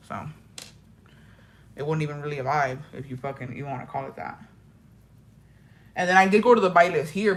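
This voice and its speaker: Young woman vlogger, animated, profane storyteller who slips into Spanish. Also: sits low. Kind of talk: get-ready-with-me chat.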